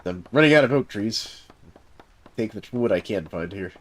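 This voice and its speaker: A Southern US man with a somewhat low voice hosts his own game stream. He chats casually as he plays, wandering through stories full of fillers and chuckling along the way. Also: animated, normal speed, a bit bright. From Southern United States. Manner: rambling storyteller, heavy fillers, chuckles through his tale. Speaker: game streamer and server host. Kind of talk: casual chat while gaming on a live stream.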